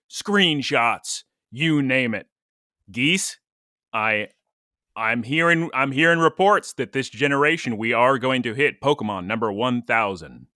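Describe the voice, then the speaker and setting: A man's voice: mid-range voice, bright, forceful tone, no echo, studio quality. A man co-hosting a casual podcast, talking in a playful, rambling way and laughing often. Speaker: podcast co-host. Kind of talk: casual chat.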